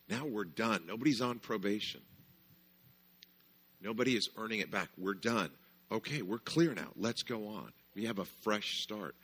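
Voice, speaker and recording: A man preaching a sermon with animated storytelling, often checking in with the audience. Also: on the low side, normal speed, breathy edge.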